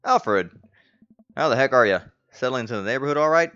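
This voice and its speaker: Brief: hearty suburban dad, as a streamer puts him on, put-on Midwestern accent, cheery, over dull lo-fi stream audio. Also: male voice, medium pitch, animated, brisk, pushed and bright, clean tone, faint music behind. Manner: folksy and cheery. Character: friendly neighborhood dad, hearty Midwestern man.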